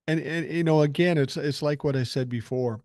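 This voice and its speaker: A man's voice: on the high side, fairly quick, darkish tone, dry recording, clean studio sound. Blunt, profane older man podcaster. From Minnesota, USA. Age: 60s. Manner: blunt and profane, reads listener emails and news aloud. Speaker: podcast host. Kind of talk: casual political commentary.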